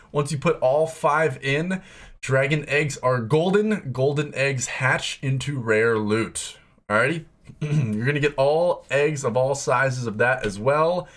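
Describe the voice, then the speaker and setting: A young man giving excited, exclamatory commentary while walking through a video game's new features. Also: fairly high pitch. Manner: excitable, exclamatory, lots of "oh my gosh". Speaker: game content creator.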